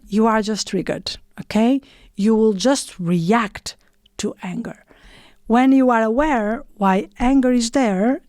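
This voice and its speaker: A woman giving a reflective motivational talk in short phrases with frequent pauses and non-native English phrasing. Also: on the high side, darkish tone, no echo, studio quality. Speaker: motivational speaker.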